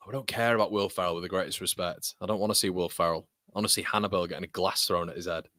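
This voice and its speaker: In a dry recording, a deep, bright voice holds a steady yet forceful tone. He hosts a football fan channel's live match watchalong, responding rapidly to the action with exasperated, heated rants and plenty of swearing.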